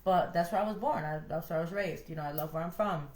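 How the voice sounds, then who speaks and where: Fairly low-pitched and quick, a young podcast co-host from Connecticut, USA, offers casual relationship advice. She's animated, acting out the voices she quotes, and the room she records in is echoey.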